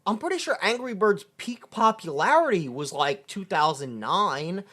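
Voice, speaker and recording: A man's voice: sits high, expressive, a bit bright. A man co-hosting a podcast, talking over a film casually with sarcastic, swearing remarks. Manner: sarcastic, swearing, drawn-out explanations. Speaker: podcast co-host. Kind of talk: casual movie discussion.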